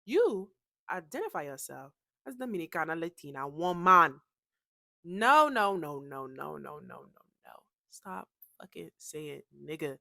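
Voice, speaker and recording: A woman with a bright, forceful voice recaps a show in a loose, chatty way, cursing freely as she goes. She puts on the voices of the people she quotes. The recording is dry and close, with no room sound. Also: low voice, very animated, measured pace, creaky, no room sound. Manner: profane, chatty, acts out quotes. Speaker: reaction channel host. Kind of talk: casual reaction recap.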